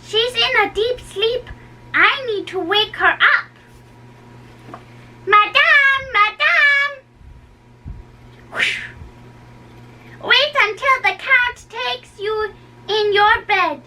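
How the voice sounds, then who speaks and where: Young reader voicing a chatty old nurse, very slow, far from the mic. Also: very high-pitched, pushed and bright, slight background noise, heavily acted. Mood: teasing. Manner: bawdy and teasing, then wailing. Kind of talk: dramatic reading of a play.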